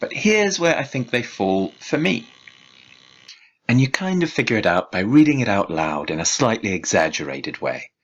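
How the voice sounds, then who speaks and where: Husky-voiced male lecturer. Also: fairly low pitch, sing-song, highs cut off. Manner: measured, explanatory, reads verse slowly. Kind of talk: recorded lecture.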